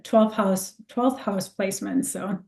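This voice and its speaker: A woman's voice: mid-range voice, steady tone, a little slow, creaky, darkish tone. A woman co-hosting a casual podcast as an astrologer, explaining in a reflective way and laughing easily. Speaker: astrologer co-host. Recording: echoey room sound.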